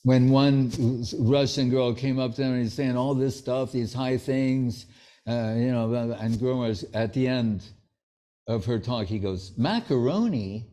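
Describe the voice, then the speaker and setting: A man's voice: mid-range voice, level tone, normal speed, mellow. A man giving an anecdotal sermon as a spiritual teacher, telling stories and acting out the dialogue of the people in them. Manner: storytelling, acting out quoted dialogue.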